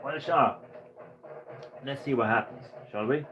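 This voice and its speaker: A young man hosting a gaming livestream, giving live play-by-play commentary full of profane trash-talk and excitable jokes. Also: mid-range voice, soft background music. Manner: brash, profane trash-talk aimed at the game; excitable, jokey, sometimes rushes his words.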